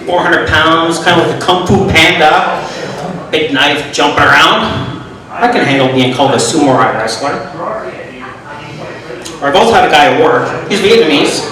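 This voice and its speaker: Man, middle-aged, stand-up comic, deadpan delivery, slightly high voice, heavy room echo, distant mic. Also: fairly quick, crowd noise. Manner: deadpan, self-deprecating punchlines. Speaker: stand-up comedian. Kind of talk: stand-up comedy set. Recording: echoey room, mic from far off.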